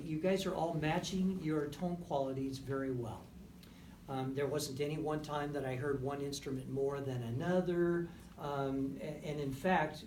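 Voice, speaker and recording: A man's voice: mid-range voice, a little mellow. A man coaching a brass ensemble in a rehearsal room, encouraging and checking in with "right?" and "okay?" after almost every point. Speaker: music clinician. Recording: roomy, from a distance, faint background noise.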